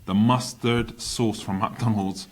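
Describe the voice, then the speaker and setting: A low-voiced man co-hosts a casual podcast chat. He is opinionated and talks in relaxed slang. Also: slow.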